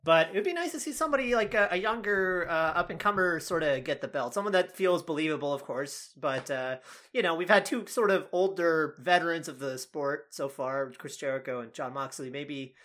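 A woman's voice: low-pitched, fairly quick, fairly bright tone. A woman co-hosting a podcast in casual chat, rambling with fillers and restarts. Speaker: podcast co-host.

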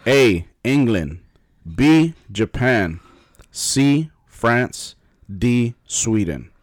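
A man hosts a casual quiz among his friends, reading each option out slowly and breaking into easy laughs. His pitch sits in the middle and stays level. The sound is dry and close. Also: animated, no room sound. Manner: playful, laughs often, reads answer options slowly. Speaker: quiz host.

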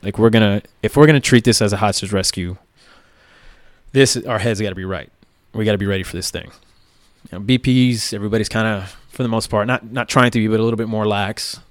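In a dry recording, a police tactical officer with a lowish male voice tells what happened. His delivery is easygoing and straightforward, leaning heavily on "like" and "right?" and occasionally swearing.

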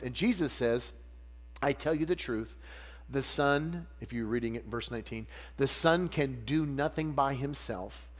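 Husky guy preaching, pitch jumping all over, big echoey hall with a hum under it. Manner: animated, jokey, acts out voices. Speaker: pastor. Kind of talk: sermon. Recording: long hall reverb with mains hum.

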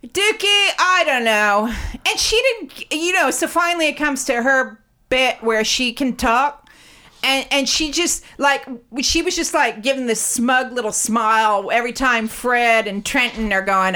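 A woman with a high voice launches into an indignant comedic rant. Her tone is bright and cutting, and she swears freely as her story rambles on. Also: measured pace. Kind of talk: comedic ranting monologue.

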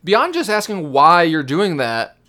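Male podcast co-host, slightly high and lively, laughing, loose and filler-heavy. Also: unhurried. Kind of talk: casual chat.

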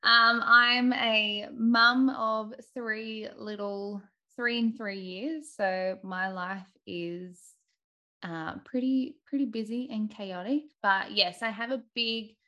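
Brief: young woman, Australian accent, bright voice, cheerful podcast guest. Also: medium pitch, lo-fi sound. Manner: friendly, cheerful, a little scattered. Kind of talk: casual interview chat.

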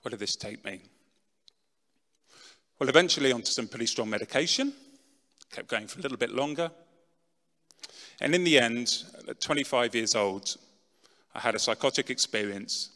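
A middle-aged man giving a dramatic personal testimony talk, swinging from loud, pushed lines to hushed ones. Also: mid-range voice, lively intonation, normal speed, long pauses. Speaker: speaker telling his testimony. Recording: long reverb in a large hall.

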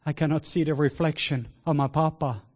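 A man preaching a sermon with passion, moving between hushed words and loud exclamations. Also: a little high, steady tone, a little fast. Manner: sprinkles in laughter and cries of "whoa".

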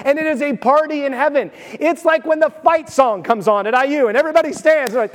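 Excitable high-voiced preacher in a hall. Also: male voice, quick pace, a little hiss or hum. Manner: animated, excitable preaching with sudden swings in loudness. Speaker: pastor. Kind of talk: sermon. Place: church sanctuary. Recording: long reverb of a church hall.

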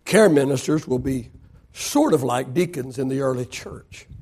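A man's voice: medium pitch, expressive, normal speed, a little mellow, breathy edge. A man preaching a sermon as pastor, building emphasis and asking the congregation rhetorical questions.

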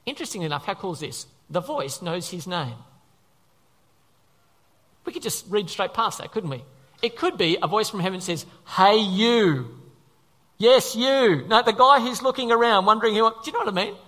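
A male preacher gives an animated sermon in a conversational way, pausing often to question the congregation. His fairly high voice swings widely in pitch. A long hall reverb trails behind his words.

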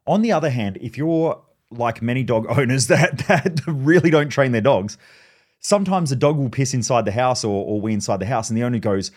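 A man hosting a podcast monologue, blunt and profane, telling animated stories. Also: medium pitch, brisk. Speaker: podcast host.

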